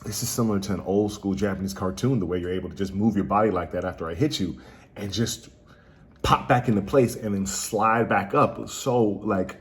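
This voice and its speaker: A man quoting a cocky male warlord villain in his own low voice, gloating and grandly dismissive. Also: fairly quick, natural voice. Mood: marveling.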